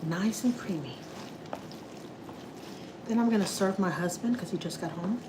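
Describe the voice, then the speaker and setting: Woman doing a soft-voiced, sleepy-sweet cooking lady. Very hushed. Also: medium pitch, moderate pace, noisy background, close to an everyday voice. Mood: dreamy soft. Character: soft-spoken gentle woman home cook.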